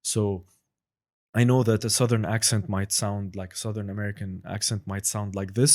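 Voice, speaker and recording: A man with a lowish voice chats casually at normal speed as a podcast guest. He's an impressionist who speaks animatedly, breaks into impressions and accents, and leans heavily on fillers like "you know."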